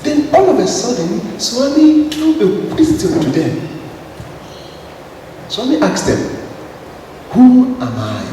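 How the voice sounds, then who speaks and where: Animated priest preaching in an echoey hall. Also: male voice, very high-pitched, takes it slowly, long pauses. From Nigeria. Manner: storytelling, leads the audience in call and response. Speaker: Catholic priest. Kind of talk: spiritual talk to a gathering. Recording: echoey hall, voice from far off, noisy.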